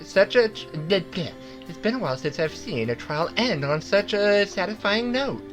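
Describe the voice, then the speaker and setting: A woman's voice: mid-range voice, lively intonation, normal speed, natural voice. A woman reading a coaching lawyer mentor. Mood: pleased. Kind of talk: fan voice-over of a game. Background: game music.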